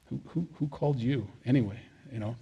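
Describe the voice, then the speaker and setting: A man's voice: mid-range voice, a little fast, creaky, slightly rough, dull audio. A man, a father of young kids, preaching a sermon in a conversational way, with jokey asides and acted-out quotes. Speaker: pastor.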